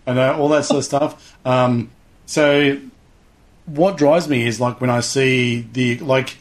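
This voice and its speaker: A man's voice: medium pitch, steady tone, slow. A middle-aged man chatting casually in an interview, rambling enthusiastically and acting out little voices as he talks. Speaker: guest, hobby show host.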